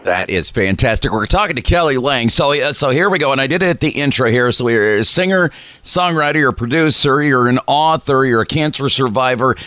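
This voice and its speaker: A man's voice: mid-range voice, animated, a little fast, pushed and bright, no room sound, clean studio sound. A man hosting a radio interview, talking in an easygoing way with many fillers. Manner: easygoing, filler-heavy patter. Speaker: radio show host.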